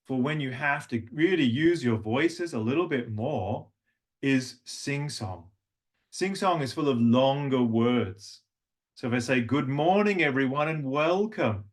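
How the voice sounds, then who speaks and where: A middle-aged man with a slight Australian accent leads a voice workshop as a language coach. His pitch sits in the middle range, and he talks in an encouraging, demonstrative teaching manner, often stopping to show a phrase the way he wants it said. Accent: neutral, slight Australian. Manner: demonstrative, warm teacher who sings examples.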